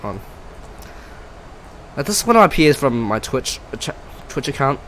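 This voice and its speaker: A man's voice: mid-range voice, big pitch swings, moderate pace, a bit bright, a little hiss or hum, poor audio. A man casually commenting on his flight sim stream, chatty and self-mocking, often trailing off and restarting.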